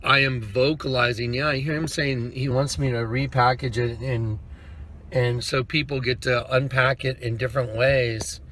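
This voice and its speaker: A man talks from inside a moving car, and steady road rumble sits clearly under his voice. His speech rambles, loops back on itself and leans on fillers as he tells his story. His pitch is ordinary for a man, neither high nor low. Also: moderate pace. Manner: rambling, repeats himself, many fillers. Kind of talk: casual personal storytelling.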